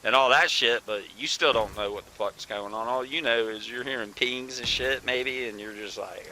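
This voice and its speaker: A laid-back man hosting a gaming chat, swearing at every turn and calling everyone bro. His voice is strikingly bright and sharp. There is a faint hiss of noise under it. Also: medium pitch, moderate pace, few pauses, rough recording. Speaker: channel host, former soldier.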